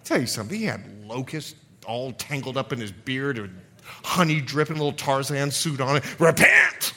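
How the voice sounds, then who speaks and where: Animated, bright-voiced man preaching. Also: medium pitch, moderate pace, slightly rough. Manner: animated, acts out quotes and sound effects, laughs often. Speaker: pastor. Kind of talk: sermon.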